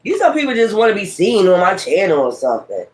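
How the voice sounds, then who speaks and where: A high-voiced man with wildly swooping pitch talks at a quick pace in a Brooklyn, New York accent. He's a tarot reader mid-reading on a casual livestream, ranting at his critics with profanity and combativeness.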